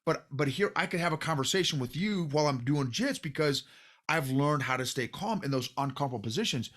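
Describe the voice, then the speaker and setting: A man hosting a podcast, chatting casually, with many halting restarts and words like "bro" and "dude". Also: on the high side, fairly bright tone. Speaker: podcast host. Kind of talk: casual conversation.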